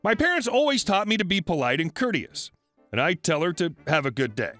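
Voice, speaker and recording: A man narrating online stories in a scripted reading, with lively delivery. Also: high voice, fairly quick. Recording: faint background music.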